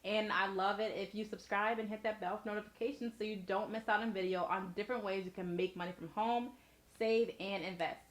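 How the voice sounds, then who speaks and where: A woman's voice: mid-range voice, steady tone, fast talker, hardly any pauses. A young woman giving casual, encouraging advice to her viewers on her vlog. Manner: chatty, encouraging, addresses viewers directly. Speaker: YouTuber and blogger. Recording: echoey room.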